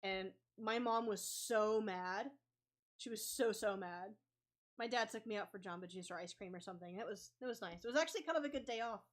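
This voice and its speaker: A woman's voice: mid-range voice, brisk. Young woman vlogging while drawing, rambly and casual, lots of um and like. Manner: rambling, lots of ums and likes. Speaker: comic artist vlogger.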